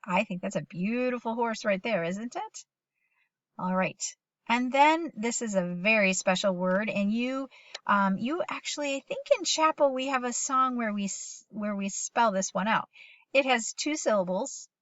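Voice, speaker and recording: A middle-aged woman teaching a phonics lesson to young children at home, patient and encouraging, reading sentences slowly aloud with them. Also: a little high, expressive, fairly bright tone, no room sound, muffled recording.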